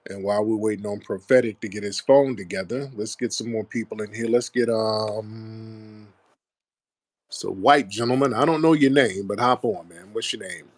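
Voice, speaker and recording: A man's voice: on the low side, moderate pace, no echo. A man hosting a call-in talk show, laughing and cursing as he mocks what he talks about. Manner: laughing, profane, mocking. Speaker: show host.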